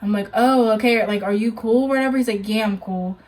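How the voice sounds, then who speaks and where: A woman's voice: on the high side, fast talker, a little mellow. A young woman vlogger telling a personal story in a casual, chatty way, leaning heavily on "like" and ending on an earnest warning. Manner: chatty, heavy use of "like"; earnest, cautionary.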